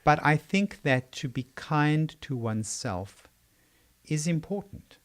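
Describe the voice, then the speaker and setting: Speaking slowly in a rather high, animated voice, the older South African psychiatrist answers an interviewer's questions. His South African accent comes through as he replies thoughtfully, weaving his answers into stories as the guest.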